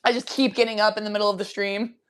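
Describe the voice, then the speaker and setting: A woman's voice: medium pitch, flat delivery, quick pace, clear, resonant tone. Young woman rambling on her home livestream, stoned and coughy, loose casual chat. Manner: loose, chatty, often coughing between lines. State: high, coughing from smoke. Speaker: livestream host. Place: home bedroom.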